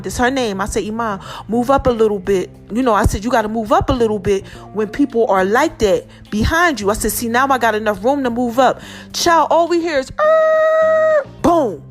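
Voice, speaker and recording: A woman in her forties from New Jersey, hosting her own podcast and telling a story in an animated, emphatic, slangy way. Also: high voice. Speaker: podcast host. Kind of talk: casual storytelling monologue.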